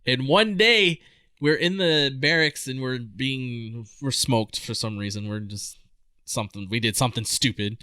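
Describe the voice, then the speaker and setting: A man's voice: mid-range voice, measured pace, bright, forceful tone, clear, resonant tone, no room sound, studio quality. A young man co-hosting a podcast, telling stories in casual chat and laughing often. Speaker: podcast co-host.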